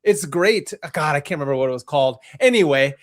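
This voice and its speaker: A man talking casually as a podcast guest, enthusiastic and quick to laugh, rambling through his thoughts. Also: a little high, expressive. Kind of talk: casual chat.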